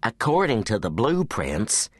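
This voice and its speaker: A man voicing a calm, serious teenage boy spy leading a mission, in an audiobook. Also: fairly low pitch, unhurried, no room sound. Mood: calm, dry. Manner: controlled and dry.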